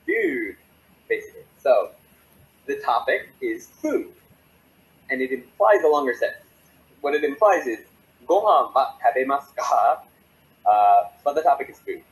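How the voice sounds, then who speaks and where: A man's voice: mid-range voice, low-quality recording. A man teaching Japanese grammar in a recorded video lesson, acting out example sentences. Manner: animated, acts out example sentences.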